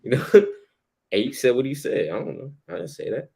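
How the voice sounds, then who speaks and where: A man's voice: medium pitch, big pitch swings, normal speed, creaky, warm tone, husky. A man co-hosting a casual Bible study discussion who talks loosely in slang and laughs often.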